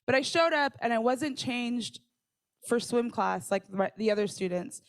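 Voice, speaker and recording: Lively woman telling a personal story. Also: on the high side, measured pace. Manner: lively, conversational, checks in with listeners; laughs between lines.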